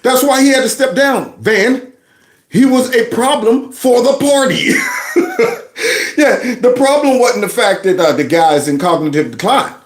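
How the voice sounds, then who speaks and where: A man's voice: very high-pitched, expressive, normal speed. A man hosting a reaction commentary, mocking and laughing through what he watches, in an echoey room. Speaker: commentary host.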